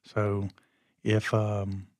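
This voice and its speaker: A man's voice: lowish voice, monotone, extremely slow, dry recording, studio quality. A man hosting his podcast, telling a story in a rambling, conversational way. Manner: rambling and conversational, often losing his train of thought. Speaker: podcast host. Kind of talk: casual storytelling monologue.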